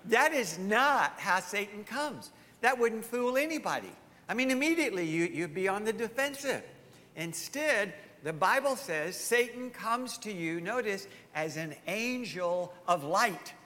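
A man's voice: high-pitched, pushed and bright, in a large hall. A male pastor preaching a sermon emphatically, firing off rhetorical questions to his congregation.

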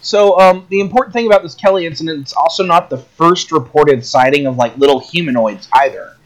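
Podcast co-host, a man with a slightly high voice, casual and rambling. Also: a little fast. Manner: rambling, filler-heavy storytelling. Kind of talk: casual chat.

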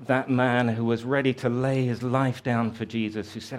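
A man preaching a sermon, telling a story slowly and reflectively, raising his voice for the quoted lines. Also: medium pitch, fairly even intonation.

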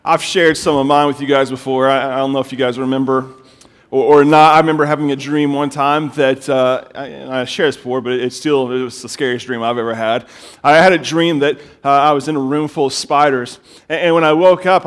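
Preaching with a fairly high pitch, a middle-aged male pastor tells his stories animatedly, repeating words often when his excitement builds.

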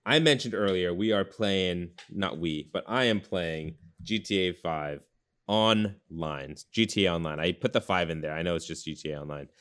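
Low-voiced man hosting a casual podcast. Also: normal speed, fairly bright tone, clean tone. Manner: rambling, filler-heavy, many restarts. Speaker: podcast host. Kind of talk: casual chat.

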